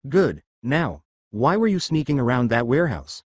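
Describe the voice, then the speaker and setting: A man voicing a smug villain disguised as a waiter, who makes soft-spoken, mocking threats. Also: medium pitch, very animated, normal speed, no room sound. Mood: menacing. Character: smug menacing male villain posing as a waiter.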